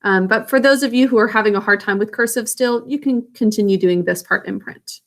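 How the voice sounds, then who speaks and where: A woman teaches young students a science lesson in a recorded class, speaking fairly quickly at a medium pitch. Her explanation is casual, and she corrects herself along the way.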